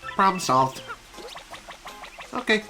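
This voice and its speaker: A woman's voice: mid-range voice, big pitch swings, slow, gravelly, bright, forceful tone, soft background music. A woman giving casual, chatty commentary while playing a video game, opinionated and full of fillers. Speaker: let's play streamer.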